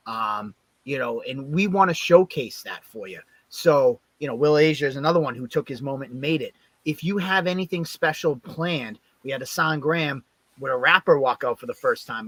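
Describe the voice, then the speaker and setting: A man co-hosting a fight recap show, chatting casually in an animated, rambling way with plenty of fillers. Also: a little high, dry recording. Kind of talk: casual chat.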